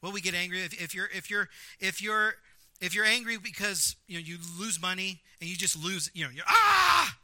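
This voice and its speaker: A man preaching a sermon, animated and acting out quotes with big swings in volume. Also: high voice, fairly quick, no room sound. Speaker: pastor.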